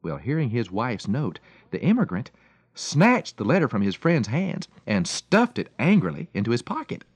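Male radio devotional speaker, storytelling with big pitch swings, dry close mic. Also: normal speed, slightly rough, no room sound. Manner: storytelling, warm emphatic delivery with lively swings and chuckles.

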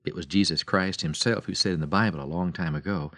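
A man giving a radio devotional talk as a preacher, telling stories dramatically and swinging between loud and soft delivery. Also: low-pitched, fast talker, no room sound.

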